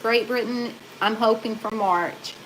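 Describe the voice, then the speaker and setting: A woman hosts a relaxed livestream, reading out viewer comments in a chatty, unhurried way. Her voice sits a little high and she drawls slowly. Faint ambient noise hums under her. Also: low-quality recording. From Southern United States. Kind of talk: casual livestream chat.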